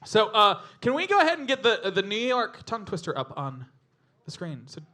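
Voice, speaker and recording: A man's voice: high voice, wildly swooping pitch, moderate pace, pushed and bright. A man hosting a live comedy game show in front of an audience, bubbly and laughing often as he announces. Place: live stage before an audience.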